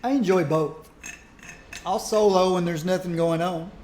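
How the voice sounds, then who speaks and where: Chatty male streamer, high voice, roomy sound with faint hiss. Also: unhurried, darkish tone. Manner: chatty, rambling, laughs often. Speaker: gaming streamer. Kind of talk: casual gameplay commentary.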